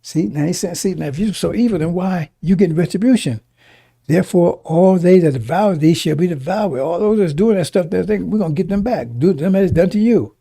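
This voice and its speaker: Man with a slightly high, husky voice, alternating scripture reading with loose sermon commentary. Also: a little fast, warm tone. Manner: reads verses then explains in casual speech, many restarts and "right?". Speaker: preacher.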